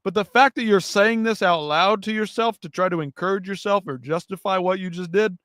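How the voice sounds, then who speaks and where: A man's voice: high voice, fairly quick, a bit bright, no echo, studio quality. A man hosting a live fight-news stream, ranting and swearing in heated commentary. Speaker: MMA news show host.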